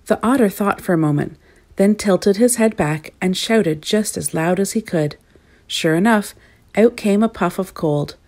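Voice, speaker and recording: A woman reading a children's story aloud in an expressive storybook cadence. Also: mid-range voice, a little slow.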